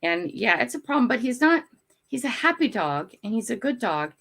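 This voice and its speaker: A woman's voice: fairly high pitch, big pitch swings, moderate pace, vocal fry, fairly bright tone. An older woman hosting a casual morning livestream from home, chatting with viewers and talking to her dogs in a rambling way. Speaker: livestream host. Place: home room.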